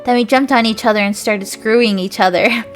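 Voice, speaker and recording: A woman's voice: a little high, a little fast, faint music behind. A woman streamer reading fanfiction aloud, giggling and stumbling over the words.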